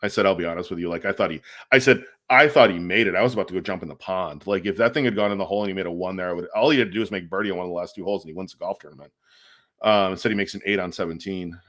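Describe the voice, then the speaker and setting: A man with a very deep voice co-hosts a casual podcast. He tells a long anecdote in a loose, chatty way, acting out the quoted lines and filling pauses with ums and likes. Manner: animated storyteller, acts out quotes, many fillers. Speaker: podcast co-host. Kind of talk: casual storytelling.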